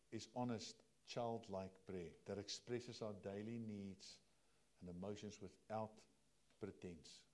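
A man preaching a sermon in a conversational way, dropping to quiet asides and rising to loud, emphatic lines. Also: on the low side. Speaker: pastor.

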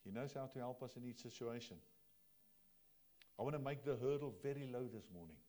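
A man's voice: medium pitch, a little fast. Man preaching a conversational sermon. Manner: conversational preaching, swinging from quiet to loud. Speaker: pastor.

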